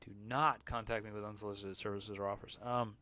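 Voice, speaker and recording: A man's voice: fairly low pitch, little pitch movement, brisk, sharp tone. A man hosting a podcast, reading online posts aloud in a casual, mocking, profane way. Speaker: podcast host.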